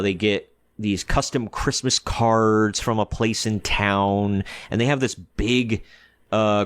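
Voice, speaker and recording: A man's voice: fairly low pitch, no echo, studio quality. Exasperated man ranting about a movie. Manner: animated, exasperated ranting with many fillers; acts out quoted characters in short bursts. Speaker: movie reviewer. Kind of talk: casual film commentary.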